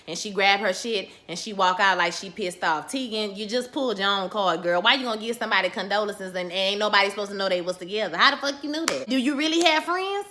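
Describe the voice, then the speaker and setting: A woman giving a casual, sassy recap of a TV episode, full of profanity and animated storytelling as she acts out quoted lines in her own voice. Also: fairly high pitch, fast, few pauses. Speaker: TV recap vlogger.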